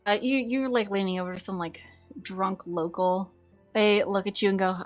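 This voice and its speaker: A chatty woman runs the tabletop game, describing the scene with lots of fillers. Her voice sits at a middling pitch. Faint music plays in the background. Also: fairly even intonation, moderate pace. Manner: chatty, giggly, many fillers. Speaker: game master.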